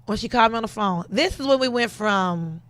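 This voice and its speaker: A woman's voice: a little high, animated, fairly quick, a bit bright, dry recording. A woman hosting a podcast, talking casually and emphatically, repeating phrases for effect. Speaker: podcast host.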